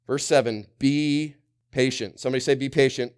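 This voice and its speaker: A man preaching a sermon with lively call-and-response, often asking the congregation to repeat words and answer questions. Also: mid-range voice, brisk, smooth. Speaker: pastor.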